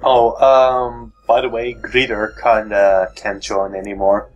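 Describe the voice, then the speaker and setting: A man's voice: fairly low pitch, completely flat delivery, slow pace, dull audio, a little hiss or hum. A man co-commentating a let's play, tossing in sarcastic quips and questions in casual chat.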